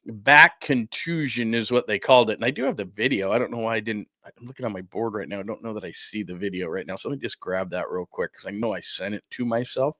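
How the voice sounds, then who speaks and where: A man hosting a sports talk show from a studio, talking casually and ranting with animated indignation. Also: lowish voice, fast talker, hardly any pauses, no echo.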